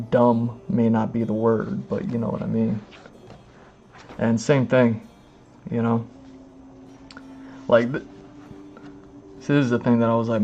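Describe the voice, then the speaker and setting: A man streaming live as he reads comics aloud, rambling and filling every pause with "like" and "you know what I mean". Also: mid-range voice, creaky, warm tone, dull audio. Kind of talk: casual live-stream commentary.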